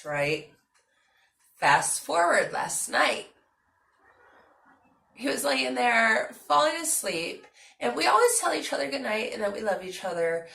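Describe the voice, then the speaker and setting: A young woman talks to her viewers in a chatty, animated way, her pitch swinging widely. Her voice is bright with a gravelly edge. The sound is echoey, as if she is in a bare room. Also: unhurried, pauses often. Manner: chatty, animated and talkative, with frequent fillers. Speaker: vlogger. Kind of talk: casual storytelling vlog.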